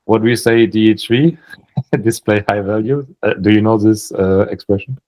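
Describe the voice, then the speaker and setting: Man with a German accent, low voice. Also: moderate pace, a little mellow, rough recording. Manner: thinking aloud, many restarts and hedging fillers. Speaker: sales coach. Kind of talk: casual coaching chat.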